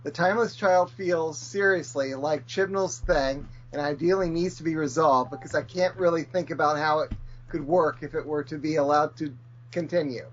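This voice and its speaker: A man co-hosting a podcast, reading listener feedback aloud in a steady, measured way. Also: a little high. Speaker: podcast co-host. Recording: slightly dull audio.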